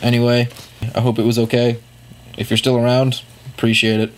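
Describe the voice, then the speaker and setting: A young man talking at home in a mocking parody vlog, at times jumping to loud high shouts. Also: monotone, brisk, pauses often, slight background noise. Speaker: vlogger. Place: home room.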